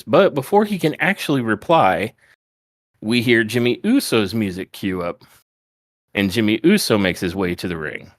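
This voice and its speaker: A man's voice: fairly low pitch, animated, normal speed, dry recording. A man hosting a podcast, casually recapping a wrestling show step by step on a close mic. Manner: retells events step by step, quoting wrestlers. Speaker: podcast host.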